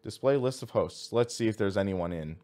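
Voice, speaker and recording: A man's voice: fairly low pitch, animated, a little fast, warm tone. A man streaming a racing sim, thinking aloud as he reads out menu items and chats with viewers. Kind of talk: casual live-stream commentary.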